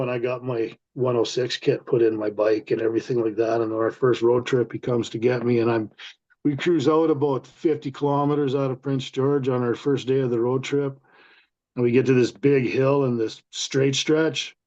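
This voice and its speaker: A man's voice: medium pitch, flat delivery, moderate pace, darkish tone. Profane storytelling man, dull lo-fi sound. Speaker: podcast host. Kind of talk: casual chat.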